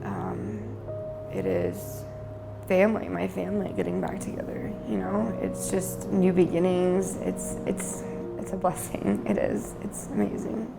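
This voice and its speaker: A woman's voice: lowish voice, animated, unhurried, creaky, over loud music. A young mother sharing her story in a chatty testimonial, laughing a lot and tearful at times. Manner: chatty, lots of fillers and laughs. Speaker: new resident, mother. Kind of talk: testimonial interview.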